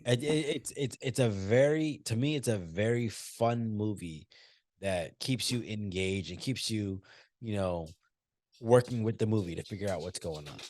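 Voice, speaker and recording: Low-voiced man co-hosting a casual podcast. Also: normal speed, darkish tone, dry recording. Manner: loose and profane, teasing. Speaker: podcast co-host. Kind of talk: casual chat.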